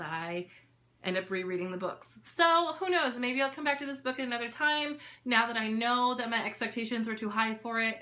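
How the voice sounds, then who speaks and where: A woman's voice: mid-range voice, sharp tone. A young woman vlogger giving a casual, candid book review, talking in a chatty way with lots of fillers.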